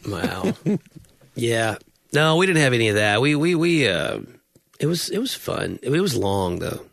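A man co-hosting a podcast in casual chat, talking in a relaxed, halting way and repeating words, on a close studio microphone. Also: medium pitch, creaky, no room sound. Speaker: podcast co-host and audiobook narrator.

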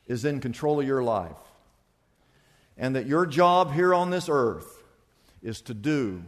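A man's voice: medium pitch, big-room sound. A man preaching a sermon, telling a story emphatically with frequent repetitions. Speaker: pastor.

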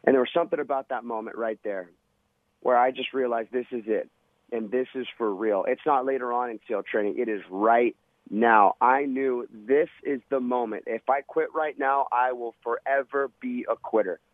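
A man's voice: mid-range voice, normal speed, no room sound. A man, a former Navy SEAL, telling a vivid, dramatic story in an interview. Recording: tinny phone-line sound.

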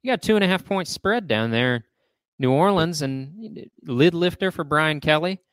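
A man's voice: on the high side, lively intonation, normal speed, a bit bright, clear, resonant tone, no room sound, clean studio sound. A man co-hosting a sports podcast, bantering with a light, joking manner. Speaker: podcast co-host. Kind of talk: casual sports podcast chat.

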